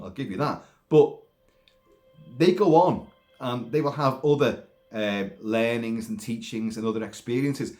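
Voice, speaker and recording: A man talking casually about a film, rambling in an animated way with many restarts and put-on voices. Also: mid-range voice. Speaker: film commentator.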